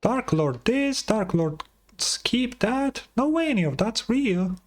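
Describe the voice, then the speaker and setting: Male streamer doing a squeaky, excitable fairy girl sidekick, pitched way up. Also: slow pace. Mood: skeptical. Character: chirpy small female fairy companion.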